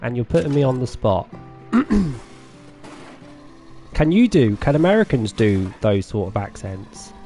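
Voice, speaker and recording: A Norfolk-accented English man talks casually with his viewers as he plays a game on stream. His voice is dark and mellow with a gravelly edge, and he is chatty and self-deprecating. Faint music plays behind him. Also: medium pitch, big pitch swings, measured pace, long pauses. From England.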